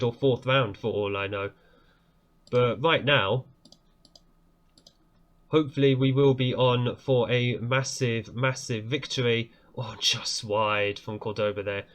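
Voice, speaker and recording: A man giving casual, excitable commentary on a football management game, reacting loudly to the action and laughing often. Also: mid-range voice. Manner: excitable, quick to laugh and exclaim, commentating on a simulated match. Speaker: gaming YouTuber.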